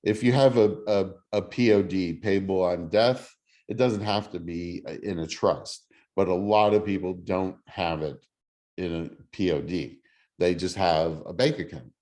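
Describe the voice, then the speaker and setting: A middle-aged man teaching a real estate class in a casual, halting way, with many fillers and restarts. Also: low voice, fairly even intonation, a little mellow. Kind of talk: casual teaching over video call.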